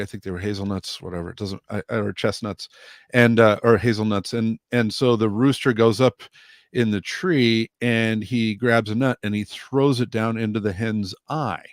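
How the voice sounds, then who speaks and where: A man's voice: no echo, studio quality. A man in a casual video-call group chat, rambling as he retells a folk tale with many restarts. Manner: rambling storyteller, many restarts, voices each animal higher.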